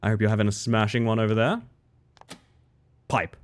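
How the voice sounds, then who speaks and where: A young man from Australia, a streamer talking casually with his chat, animated and swearing freely. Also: fairly low pitch, moderate pace.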